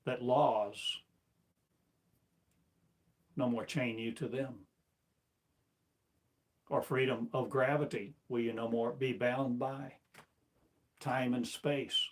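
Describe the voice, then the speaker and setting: Slow, declaiming male spiritual teacher. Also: medium pitch. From United States. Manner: slow, declamatory, full of rhetorical questions. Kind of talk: sermon.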